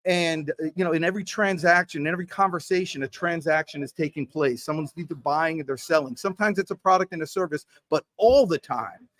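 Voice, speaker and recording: Brief: male podcast guest, pumped-up sales energy, higher-pitched voice, live from an expo floor. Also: a bit bright. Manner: hypes himself up, quick and punchy.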